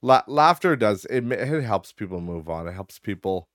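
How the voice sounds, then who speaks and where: A man's voice: fairly low pitch, expressive, normal speed, dry recording, clean studio sound. A man hosting a podcast in casual rambling chat, swearing and laughing often, sounding tired. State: tired, yawning. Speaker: podcast host.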